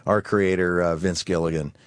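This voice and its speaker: A middle-aged man as an actor guest in a casual radio interview, relaxed and joking, laughing easily. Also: deep voice, normal speed, dry recording. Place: radio studio. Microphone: studio microphone.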